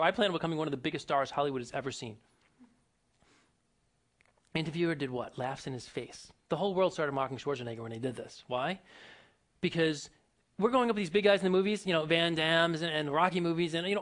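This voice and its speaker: A man's voice: on the high side, a bit bright. A man giving a motivational speech to an audience, emphatic and full of rhetorical questions and stories. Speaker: motivational speaker.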